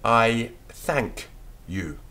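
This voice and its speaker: A man teaching a beginners' French lesson, dictating slowly and patiently and spelling words out letter by letter. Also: mid-range voice, animated, pushed and bright, slight background noise.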